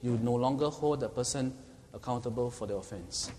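A man's voice: mid-range voice, a little fast, warm tone, a little hiss or hum. A man preaching a sermon as pastor, earnestly repeating key points and asking the congregation questions. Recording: hall reverb, faint ambience.

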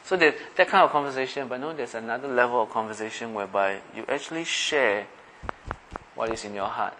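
A man's voice: mid-range voice, a little fast, bright, forceful tone, slight background noise, rough recording. A middle-aged man preaching a conversational sermon, often checking in with his listeners by asking them questions. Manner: conversational, asks the listeners questions, acts out everyday voices. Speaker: pastor.

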